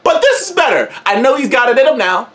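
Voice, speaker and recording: Young man, high-pitched, lively, swears a lot, laughs often, casual movie review. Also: fast talker. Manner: profane, laughing, repeats words, slangy. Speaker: movie reviewer and show host.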